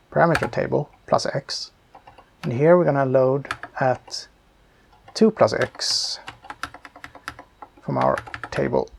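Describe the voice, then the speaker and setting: A man's voice: mid-range voice, gravelly, a little hiss or hum. Methodical man talking through code. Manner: calm, methodical, thinking aloud step by step. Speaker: programmer explaining his work. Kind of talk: screen-recorded coding tutorial.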